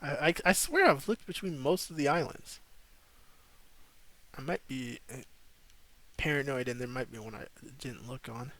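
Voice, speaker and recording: A man's voice: mid-range voice, normal speed, pauses often, fairly bright tone. A young man hosting a casual live stream, chatting loosely and rambling while he plays a game. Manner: laid-back, rambling, slangy. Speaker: streamer host.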